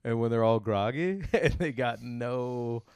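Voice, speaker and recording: A male co-host riffs loosely on a comedy podcast, laughing through his own lines as he rambles into crude jokes. His voice sits at an ordinary middle pitch. It is recorded dry and close, with no room sound. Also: unhurried, darkish tone, smooth, no room sound. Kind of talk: casual comedic chat.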